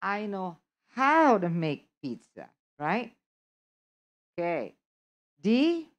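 A woman's voice: medium pitch, sing-song, drawn-out words. A woman teaching an English test prep class, often checking that her students follow. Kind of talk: live online lesson.

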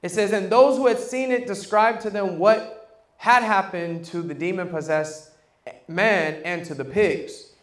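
A man's voice: high voice, measured pace, echoey room. A man preaching a sermon as pastor, calling out questions to the congregation and waiting for them to answer.

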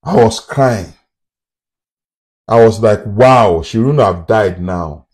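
A man's voice: lowish voice, slow, a little mellow, slightly rough. A man preaching a sermon, emphatic and fond of repeated rhetorical questions.

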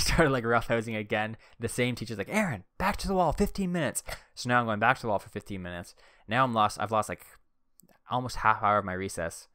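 A man's voice: on the low side, sharp tone, smooth, no echo, clean studio sound. A young man hosting a podcast, telling rambling stories casually and filling his talk with "like". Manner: rambling, heavy use of "like" fillers. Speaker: podcast host. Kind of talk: casual storytelling.

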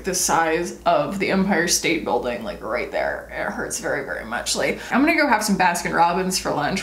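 A woman in her thirties chatting casually about her monthly favorites as a beauty vlogger, rambling and self-deprecating. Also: fairly low pitch. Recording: roomy echo.

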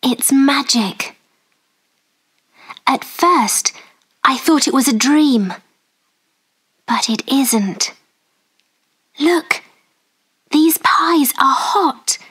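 A woman voicing a gentle, kind young girl who talks softly and slowly. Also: high voice, expressive, full character voice.

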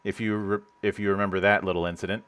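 A man's voice: lowish voice, little pitch movement, quick pace, fairly bright tone. A man hosting a casual podcast chat, rambling and often restarting his sentences with stammered repeats. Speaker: host.

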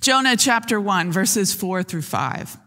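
A woman pastor giving a sermon, retelling scripture in a lively storytelling manner. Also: medium pitch, measured pace, in a large hall. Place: church sanctuary.

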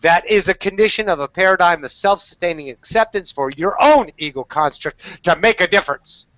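Her voice sits on the low side, expressive and fairly quick, with a fairly bright tone and no room sound. She's a woman channeling spiritual teachings in a webinar, preachy and full of rhetorical questions, calling the listener "darling." The webinar call audio is slightly dull.

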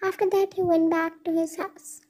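A woman's voice: very high-pitched, little pitch movement, moderate pace, darkish tone, low-quality recording. A woman reading a fan fiction story aloud, speaking the speaker tags and stage cues along with the text.

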